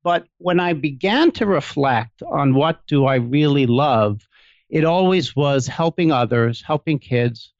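Middle-aged man, gravelly fry, dry close sound, reflective easygoing storyteller. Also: a little high, expressive, a little slow, no echo, dull audio. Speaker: couples therapist, guest. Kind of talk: casual interview chat.

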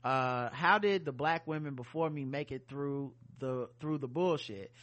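A man co-hosts a casual podcast, reading listener emails aloud and tossing in joking asides. His voice is medium-pitched and a bit bright, and his pace is measured.

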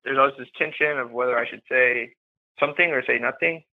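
A man with a mid-range voice and vocal fry talks quickly as a podcast guest, telling his personal story. His tone is earnest, candid and reflective, and the recording has a tinny, phone-like quality.

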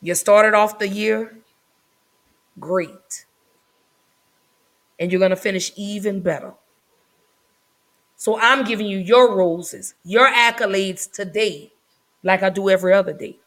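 A woman hosting a casual live podcast, talking in an effusive, affectionate way with drawn-out phrasing. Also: medium pitch, fairly bright tone, rough recording. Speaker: podcast host.

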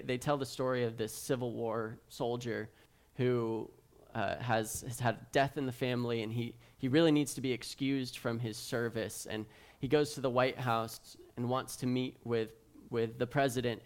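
A young man preaching a casual sermon, telling stories in an animated way with a lot of filler words. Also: medium pitch, clear, resonant tone. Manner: animated storytelling, many fillers like "like".

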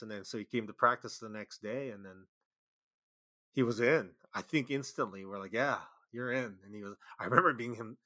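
A man's voice: mid-range voice, normal speed, bright, forceful tone. A man being interviewed, telling rambling road stories with lots of fillers and restarts. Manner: rambling anecdotes with frequent fillers and laughs. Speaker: guest musician and label founder. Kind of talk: casual interview storytelling.

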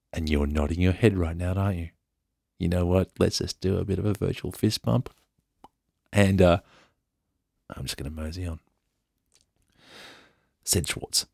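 A man's voice: low voice, gravelly, a little mellow, breathy edge, no room sound, studio quality. An English man hosting a podcast, reading a news story aloud with chatty, joking asides. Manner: chatty, playful, jokey. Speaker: podcast host.

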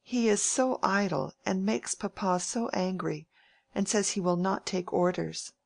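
A woman's voice: mid-range voice, fairly even intonation, measured pace, creaky, pitched above the performer's own voice. A woman reading an audiobook and voicing a prim, mild, self-righteous young woman in a raised, genteel tone. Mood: prim, plaintive. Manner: mild and genteel, plaintive when pressed.

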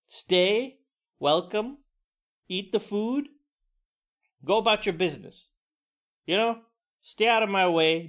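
A man's voice: high voice, a bit bright. A man in his forties hosting his own podcast, ranting bluntly with plenty of swearing and loose conversational asides. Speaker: podcast host. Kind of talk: casual solo monologue.

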